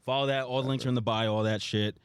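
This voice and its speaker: A man's voice: mid-range voice, steady tone, quick pace, crowd noise. A young man co-hosting a podcast, laid-back and casual, cursing freely as he wraps things up. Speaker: podcast co-host. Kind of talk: casual chat among friends.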